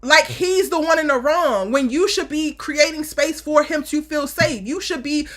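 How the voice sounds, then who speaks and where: Woman host, high bright voice, blunt and emphatic TV recap talk. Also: moderate pace. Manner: blunt, emphatic, swears, acts out what she said. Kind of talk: live aftershow recap chat.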